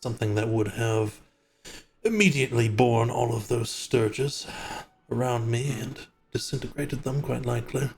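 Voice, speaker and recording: A man voicing a worried scholarly mage father who speaks in a formal, measured way. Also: mid-range voice, gravelly, slight background noise, close to an everyday voice. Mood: grave.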